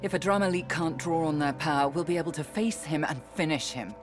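A woman's voice: low voice, a little fast, natural voice. A woman as a stern, commanding sorceress. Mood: grim. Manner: urgent, clipped commands. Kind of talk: video game voice acting. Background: game music.

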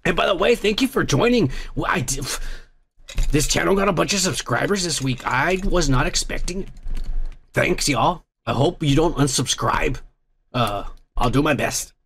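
A man's voice: a little high, animated, unhurried, gravelly, a bit bright, slightly rough. A man hosting a podcast, reading viewer comments aloud in casual, rambling, profane chat. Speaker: podcast host.

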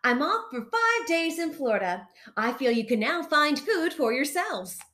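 Cheery mom fox, voiced by a woman, high, bright, sing-song. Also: very animated, measured pace, exaggerated voice. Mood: cheerful. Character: cheery mother fox leaving on holiday. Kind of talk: children's picture book read-aloud.

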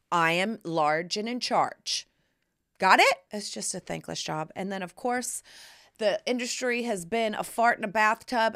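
A bright-voiced woman in her thirties chats through her own podcast, lively and expressive. She often leaps into loud, high mock voices. The sound is dry and close, with no room around it. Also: dry recording. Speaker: podcast host. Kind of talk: casual chat.

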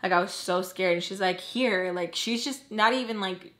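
A young woman in her twenties tells a personal story straight to camera in a casual vlog. She talks in a chatty, rambling way, scattering "like" through her sentences and acting out what others said. Her voice sits at an ordinary middle pitch, recorded close on a camera mic. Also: brisk, a bit bright. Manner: chatty, heavy use of "like", acts out quotes. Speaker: storyteller vlogger.

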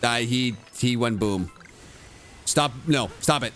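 A man streaming a video game live, muttering to himself and joking with chat, sometimes breaking into high-pitched yelling. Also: sing-song, slow pace, over music. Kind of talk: live gameplay commentary.

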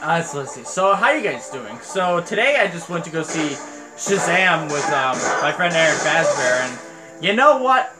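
A man giving casual, rambling and excitable commentary on a game he is playing. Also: a little high, normal speed. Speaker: let's play host. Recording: voice over game music.

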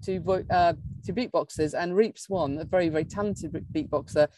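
Woman, lowish mellow voice, eager academic lecturer, dry recording. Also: fairly quick, dry recording. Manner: explanatory, enthusiastic, with small laughs and restarts. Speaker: neuroscience lecturer. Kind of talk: academic conference talk.

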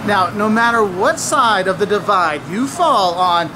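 Wry travel host outdoors by traffic. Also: male voice, high-pitched, a little slow. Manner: lively, wry, explanatory. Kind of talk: travel vlog commentary. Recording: outdoor clip with street noise. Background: traffic and street ambience.

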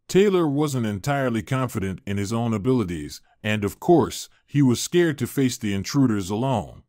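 A man narrating a scripted drama story with an expressive delivery. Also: mid-range voice, moderate pace, hardly any pauses, dry recording, studio quality.

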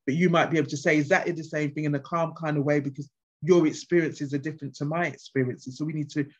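A woman guest speaker at a conference, answering questions with passionate, animated stories. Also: sits low, fast, breathy edge. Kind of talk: conference Q&A with anecdotes. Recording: dull lo-fi sound.

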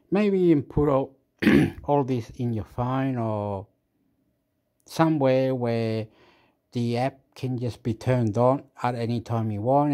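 A man, the host, talking in a rambling casual monologue, jumping between topics with fillers, laughs and sound effects. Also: mellow. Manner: makes sound effects like boop and boom.

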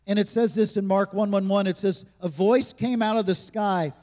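Male pastor, high voice, emphatic conversational sermon, big hall reverb. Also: steady tone, normal speed, a little mellow. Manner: emphatic, conversational preaching with rhetorical questions. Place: church sanctuary.

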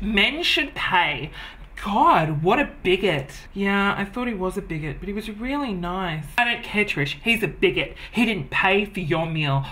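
A man's voice: sits high, bright, forceful tone, heavily acted. A man playing a vain, self-obsessed woman who gushes over her own mirror image in a comedy sketch. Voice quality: wig-wearing drag persona, chatty and gushing. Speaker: comedy character host.

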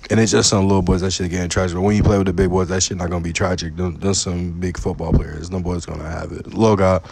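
A man's voice: low-pitched, flat delivery, fast, gravelly, a little mellow, breathy edge. A young man rambling through a repetitive, half-sung freestyle rap.

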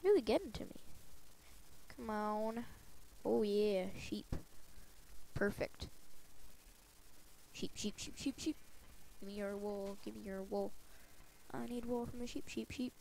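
A woman with a cold chats her way through a game at an unhurried pace, her voice soft and mellow. She talks to herself as she plays and slips into little sing-song bits. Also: medium pitch, little pitch movement, vocal fry, a little hiss or hum, low-quality recording. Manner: chatty self-talk with sing-song asides. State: has a cold. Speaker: let's play gamer. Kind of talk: casual gameplay commentary.

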